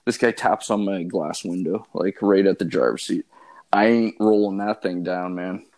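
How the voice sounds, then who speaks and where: A man with a fairly low voice chats loosely and swears freely. He strings his story together with filler words. He keeps an offhand, conversational delivery. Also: steady tone, normal speed, darkish tone. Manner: profane, rambling, filler-heavy. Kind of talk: casual storytelling chat.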